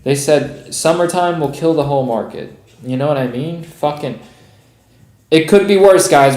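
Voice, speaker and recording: A man's voice: fairly high pitch, darkish tone, reverberant. A man ranting on a live trading stream in casual talk, frustrated, swearing heavily and calling his viewers bro and dude.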